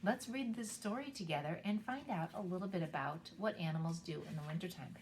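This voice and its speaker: A preschool teacher reads a story aloud in a soft, sing-song way, stopping to ask the children questions. Her voice sits somewhat low for a woman. A faint room ambience hums behind her. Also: fairly quick, slight background noise. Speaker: preschool teacher hosting a kids' show. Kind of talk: reading a picture book aloud to young children.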